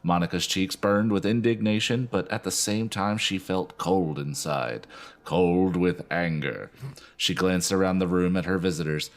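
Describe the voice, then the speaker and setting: A man's voice: sits low, a little slow. A man co-hosting a podcast, reading a novel aloud expressively. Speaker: podcast co-host.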